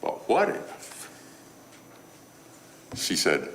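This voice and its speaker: A man's voice: extremely low pitch, sing-song, very slow, long pauses, a bit bright, a little hiss or hum. A man preaching a sermon on parenting, telling a story and acting out a mother's scolding.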